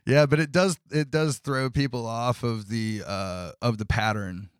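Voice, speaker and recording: A laid-back man hosting a casual chat, agreeable and quick to laugh, often rambling with fillers. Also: medium pitch, steady tone, clear, resonant tone, no echo, studio quality.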